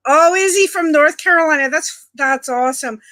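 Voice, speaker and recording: Middle-aged woman from Ontario, livestream host; chatty and friendly with viewers, bright, slightly high voice. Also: normal speed. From Canada (Ontario). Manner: chatty, greets viewers by nickname. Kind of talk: casual chat with live viewers.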